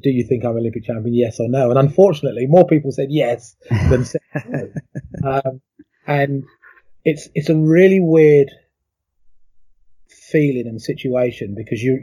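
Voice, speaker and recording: Interview guest: middle-aged man, mellow and slightly husky, reflective storyteller, lots of ums. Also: medium pitch. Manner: reflective, emotional retelling with many fillers. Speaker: interview guest, former athlete.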